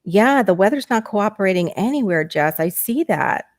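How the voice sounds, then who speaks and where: A middle-aged woman hosting a casual livestream from home, reading chat aloud and chatting on a headset mic, laughing often as her voice jumps up when excited. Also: mid-range voice, normal speed, no room sound, studio quality. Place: small home bedroom.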